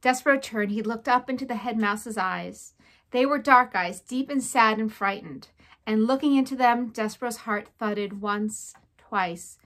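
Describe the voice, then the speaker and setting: Expressive woman teacher reading aloud. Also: on the high side, unhurried. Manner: expressive, clear read-aloud delivery. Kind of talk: reading a children's novel aloud. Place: home.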